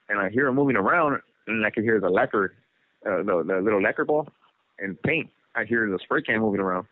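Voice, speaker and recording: A man's voice: lowish voice, lively intonation, a little fast, no room sound. A man from Los Angeles, serving a prison sentence, telling his life story in a casual, rambling way over a phone call, with lots of fillers like "you know" and "like". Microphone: telephone. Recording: tinny prison phone line.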